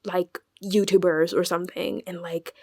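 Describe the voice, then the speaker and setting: A young woman vlogger chatting casually, animated and dramatic, often stammering and restarting her sentences. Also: lowish voice, moderate pace, no echo, studio quality. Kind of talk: casual chat.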